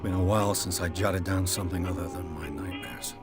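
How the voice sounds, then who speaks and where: An actor playing a weary war-veteran private investigator in a game, speaking in terse, brooding narration. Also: male voice, low voice, steady tone, brisk, over loud music, close to an everyday voice. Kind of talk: game voice acting.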